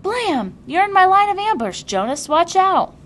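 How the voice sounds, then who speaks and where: A woman reading aloud and voicing a brash, excitable boy who yells and then turns irritated. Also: lowish voice, a little fast, a little hiss or hum. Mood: excited shouting. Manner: shouting, excited.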